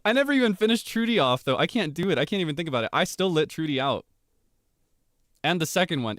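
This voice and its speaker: A man streaming, chatting casually from home in an animated, playful way with frequent laughter. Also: medium pitch, dry recording, studio quality. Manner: animated and playful, laughs often, jumps between topics. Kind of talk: casual livestream chat.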